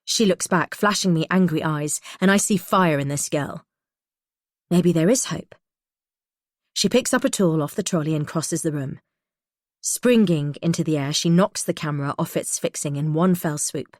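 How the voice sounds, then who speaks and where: Woman reading a tense thriller audiobook, lowish voice, dry close mic. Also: normal speed, dry recording. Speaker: audiobook narrator. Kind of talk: first-person thriller narration.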